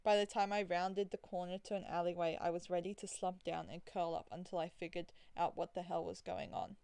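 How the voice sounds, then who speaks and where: A woman's voice: lowish voice, flat delivery, brisk, gravelly, darkish tone, clean tone, no echo. Chatty woman reading a game aloud. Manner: chatty, rambling asides, giggly. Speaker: let's play gamer. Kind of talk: reading a visual novel aloud with commentary.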